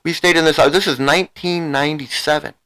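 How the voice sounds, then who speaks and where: A man's voice: on the high side, steady tone, a little fast, bright, forceful tone, low-quality recording. Rambling older man telling a story. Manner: rambling, many restarts and repeats, casual swearing. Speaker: vlogger recounting his past. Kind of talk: casual storytelling commentary.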